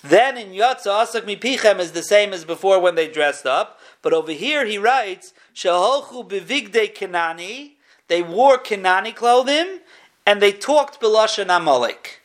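A man's voice: high voice, expressive, moderate pace. A man teaching a weekly text class in a conversational way, correcting himself as he goes and mixing Hebrew terms into his English. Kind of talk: textual study lecture.

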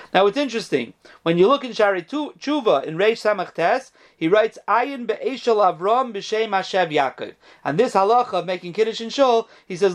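Male lecturer, high pitch, casual explanatory Torah class. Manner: reads Hebrew quotes, then explains them in casual English with fillers. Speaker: Torah teacher. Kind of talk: lecture reading and translating rabbinic responsa.

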